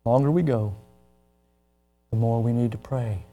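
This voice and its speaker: A man in his sixties from the United States, a pastor preaching an impassioned sermon, moving from hushed to loud. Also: mid-range voice, moderate pace, faint music behind.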